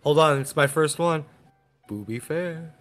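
A man's voice: fairly high pitch, a little slow, soft background music. A man co-hosting a casual podcast, joking his way through a movie and acting out the characters. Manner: animated, jokey, acts out characters. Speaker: podcast co-host. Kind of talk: casual movie-riffing chat.

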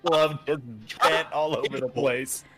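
A man chatting casually with friends over a movie, making quick wry remarks. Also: on the high side, fairly even intonation, over a noisy crowd. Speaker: co-host watching a movie.

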